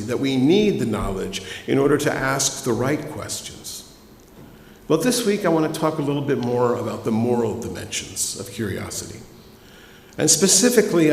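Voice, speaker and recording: A man, a minister, giving a sermon in a conversational storytelling way and speaking directly to his congregation. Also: medium pitch. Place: church sanctuary. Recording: echoey hall ambience.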